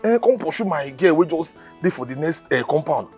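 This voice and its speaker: Brief: actor as a suspicious young boyfriend, Nigerian Pidgin accent, pleading and repetitive, animated pitch. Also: male voice, a little fast, faint music behind, natural voice. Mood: musing. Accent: Nigerian Pidgin English. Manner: pleading, repeats himself, mixes in Igbo. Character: young man, jealous and suspicious lover. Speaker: film character. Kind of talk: Nollywood film acting.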